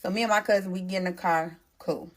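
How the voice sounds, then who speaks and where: A young woman telling a personal story to her followers in a casual, animated way, with blunt slang and swearing. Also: fairly low pitch, fast talker. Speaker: storytime vlogger.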